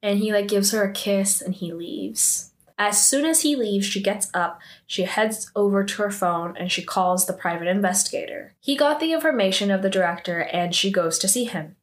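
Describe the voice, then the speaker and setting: A woman's voice: mid-range voice, normal speed, few pauses. A woman casually recapping a TV drama episode in a loose, chatty way, full of fillers and her own asides.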